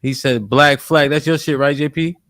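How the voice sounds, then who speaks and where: A man's voice: a little high, steady tone, normal speed, fairly bright tone, no room sound, clean studio sound. A man hosting a live-stream talk show, casually reading out donor messages and questioning a caller. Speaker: podcast host. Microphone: studio mic.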